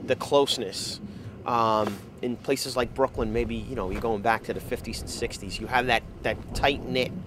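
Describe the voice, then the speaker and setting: A man's voice: mid-range voice, steady tone, normal speed, background noise. A man in his thirties, a father of two, speaking conversationally with frequent ums. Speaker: parent and resident. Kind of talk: casual interview.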